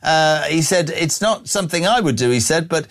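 A man's voice: on the high side, lively intonation, moderate pace, fairly bright tone. An older man from the UK hosting a breakfast talk radio show, opinionated and emphatic. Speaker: radio host.

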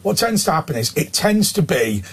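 A middle-aged English man and presenter, chatting casually in a studio and telling animated anecdotes with voices. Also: on the high side, brisk, breathy edge.

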